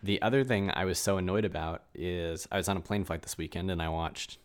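A man co-hosting a casual chat, musing and relaxed, with lots of filler words. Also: low voice, brisk, slight background noise. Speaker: podcast co-host.

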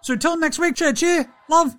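A man's voice: extremely high pitch, normal speed, fairly bright tone, voice pushed up. A man putting on a laid-back young New Zealand basketball player with an exaggerated New Zealand accent, drawling and tacking "Brew" and "eh" onto every phrase. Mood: cheerful.

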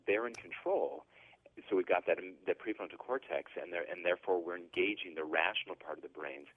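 A man's voice: deep voice, fairly quick, no echo. A middle-aged man, a guest author, explaining ideas earnestly in a casual interview over the phone, often restarting his sentences. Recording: tinny phone line.

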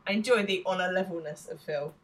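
A woman's voice: lowish voice, fast talker. A woman co-hosting a podcast in casual chat, laughing often as she recaps an episode. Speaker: podcast co-host.

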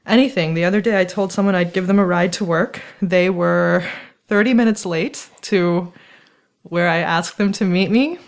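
Laughing, animated woman chatting. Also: lowish voice, normal speed, creaky. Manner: laughs often, animated storytelling. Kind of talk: casual recovery podcast chat.

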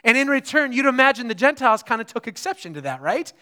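Bright-voiced man preaching a lively sermon. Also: very high voice, fast. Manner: animated, conversational preaching with frequent "right?". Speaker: pastor.

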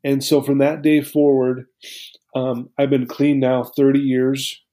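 A man's voice: medium pitch, level tone, measured pace, mellow. A middle-aged man telling his life story to an interviewer, earnest and emotional, with many restarts. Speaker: guest.

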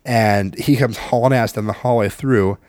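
At a moderate pace and fairly low pitch, a man in his thirties swears his way through an animated family story, voicing each character in casual chat. The audio is studio quality with no room sound.

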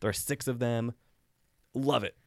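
Man, mid pitch, animated movie talk, laughs often, dry close sound. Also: measured pace, no room sound. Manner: animated, laughing, amused asides. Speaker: podcast co-host. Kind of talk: casual film chat.

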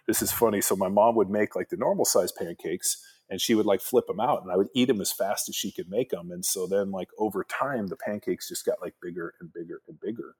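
A man's voice: deep voice, a little fast, hardly any pauses, a little mellow, breathy edge. A man in his forties, a former pro football player, telling stories in a laid-back, rambling way full of fillers. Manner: laid-back, rambling with many "like" fillers, acts out quoted voices. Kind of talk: casual storytelling chat.

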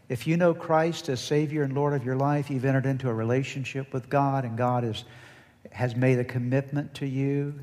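A man's voice: medium pitch, darkish tone, in a large hall. A man preaching a sermon as pastor, leading the congregation in call-and-response and growing more intense as he goes.

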